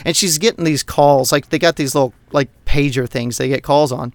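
A man from Texas co-hosting a casual podcast, telling a story in an animated way, with lots of swearing and laughter. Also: fairly high pitch, fairly quick, no room sound. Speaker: podcast co-host. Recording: dry close mic, online call.

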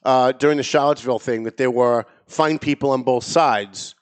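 A man's voice: medium pitch, fairly even intonation, normal speed, clean tone. A man hosting a political talk show, speaking in a sarcastic, mocking tone. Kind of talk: political commentary chat.

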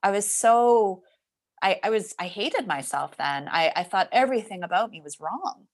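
A woman's voice: mid-range voice, expressive, moderate pace. Woman podcast guest, candid and reflective, conversational with frequent restarts.

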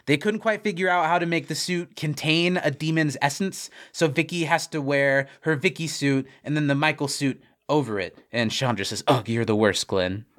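A man's voice: a little high, moderate pace, few pauses, fairly bright tone. A man co-hosting a podcast, recapping a TV episode in casual chat, laughing often and acting out quoted lines.

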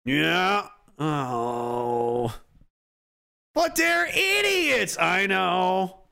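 A man's voice: sits high, big pitch swings, very slow, creaky, sharp tone, clear, resonant tone, voice pushed up, heavily acted. A man doing a scoffing old dictator's ghost.

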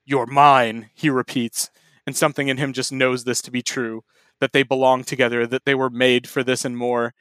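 A man's voice: mid-range voice, flat delivery, a little fast, a bit bright, smooth, no echo, clean studio sound. A man reading fan fiction aloud as a comedy podcast host, in a mock-serious style. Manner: mock-serious reading, breaking into laughs and asides.

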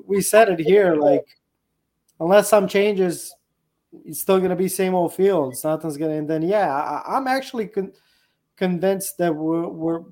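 Animated, profane podcast guest man. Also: on the high side. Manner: animated, profane ranting with frequent laughs. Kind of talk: casual podcast chat.

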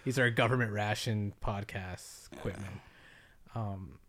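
A man's voice: fairly low pitch, measured pace, fairly bright tone. A man hosting a podcast in casual chat, friendly and jumping between topics. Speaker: podcast host.

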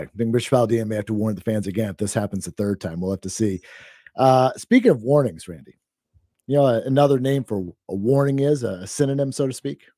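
Male podcast co-host, warm and mellow, easygoing recap delivery, dry close mic. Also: medium pitch, no echo. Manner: relaxed, chatty, many fillers and laughs. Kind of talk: casual wrestling recap chat.

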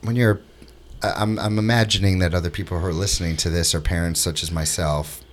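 A man's voice: low-pitched, steady tone, fairly quick. A man hosting a podcast interview in a sympathetic, supportive way. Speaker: podcast host. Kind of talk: casual interview talk.

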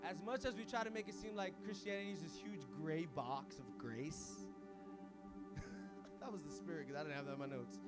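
A young man preaching an energetic sermon as pastor, casual and full of slang, swinging from hushed asides to shouting. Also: a little high, quick pace, few pauses, loud music behind the voice.

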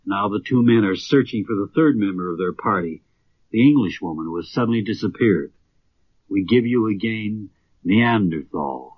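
A man as radio announcer, measured and formal. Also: lowish voice, animated, slight background noise. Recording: dry, dull old radio recording.

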